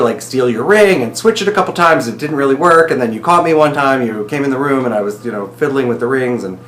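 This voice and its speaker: A young man recording a casual video diary for his partner, talking in an excited, emotional, rambling way. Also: medium pitch, echoey room, a little hiss or hum.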